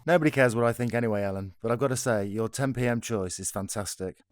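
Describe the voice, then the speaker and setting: A man's voice: medium pitch, fast talker. A man hosting a podcast, chatting in a friendly, lightly joking way. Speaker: podcast host. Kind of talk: casual chat.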